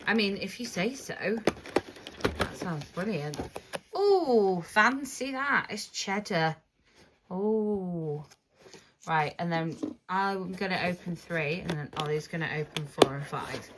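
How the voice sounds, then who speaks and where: Woman, casual vlog narration, unhurried, slightly low, gravelly, chatty with drawn-out oohs. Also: heavy background noise. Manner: chatty, with drawn-out 'ooh' exclamations. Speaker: vlogger.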